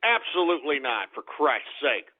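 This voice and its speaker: A man hosting an internet radio show, ranting at his listeners with constant swearing, swinging between shouting and weary muttering. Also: mid-range voice, very animated, normal speed. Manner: repeats exclamations, addresses listeners as folks. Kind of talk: talk radio rant. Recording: tinny lo-fi phone-like audio.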